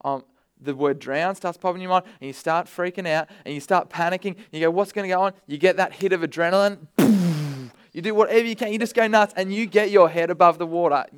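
A man's voice: high voice, fairly quick, clear, resonant tone. A man preaching a sermon, conversational with bursts of energy, often repeating words.

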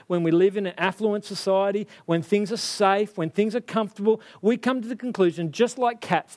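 A man's voice: high-pitched, darkish tone. A man preaching a sermon, stressing his points through repetition and speaking straight to his listeners.

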